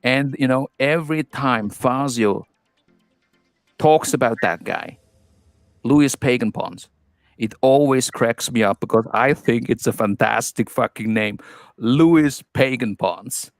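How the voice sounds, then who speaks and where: Man, slow easygoing talk, amused, dry close sound. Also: medium pitch, no room sound, soft background music. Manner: laid-back, amused, chuckling. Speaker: live stream co-host. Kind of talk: casual stream chat, greeting viewers.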